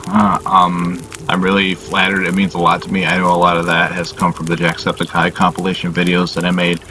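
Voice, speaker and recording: Male vlogger: deep voice, worn-out and halting, curses freely, steady background hiss. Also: poor audio. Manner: halting, heavy on "you know" fillers, frequent swearing; weary and subdued. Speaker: channel host. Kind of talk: casual confessional vlog monologue.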